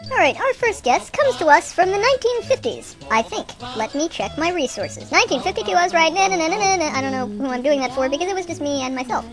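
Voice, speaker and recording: A woman's voice: very high voice, lively intonation, fast, few pauses, faint music behind. A woman hosting an improvised comedy radio show, chatty and teasing.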